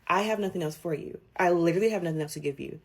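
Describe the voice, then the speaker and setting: A woman telling a personal story in an indignant, animated rant with swearing. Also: fairly low pitch, rapid-fire, husky.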